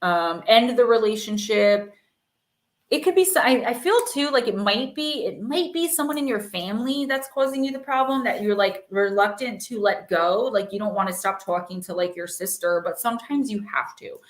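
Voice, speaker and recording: A woman's voice: mid-range voice, lively intonation, normal speed. A woman hosts a live oracle card reading, talking in a loose, reassuring way full of "like" and "um." Her voice has a noticeable roomy echo around it. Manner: chatty, filler-heavy, reassuring. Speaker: oracle card reader and live-stream host. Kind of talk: casual live-stream chat and card reading.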